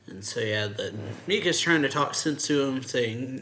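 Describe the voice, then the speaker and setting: A man's voice: mid-range voice, moderate pace, few pauses, fairly bright tone, a little hiss or hum. A man hosting his own channel, casually reviewing a manga chapter, retelling scenes with lots of loose fillers. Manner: recaps scenes by paraphrasing character dialogue with loose fillers.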